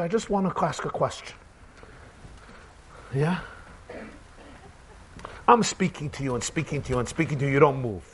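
A rabbi, preaching emphatically in a repetitive cadence and mixing in Hebrew and terms. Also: male voice, on the high side, fairly bright tone, breathy edge. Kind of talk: sermon with jokes.

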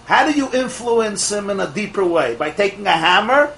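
High-voiced man teaching with jokes. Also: normal speed, gravelly, a little hiss or hum, poor audio. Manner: animated storyteller, rhetorical questions, laughs at his own jokes. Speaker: religious teacher. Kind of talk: Torah class with parables and jokes.

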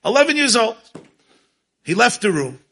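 A man telling a story in an animated way, chuckling often and sprinkling in Yiddish and Hebrew terms. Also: extremely high pitch, moderate pace. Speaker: religious storyteller. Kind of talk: storytelling talk.

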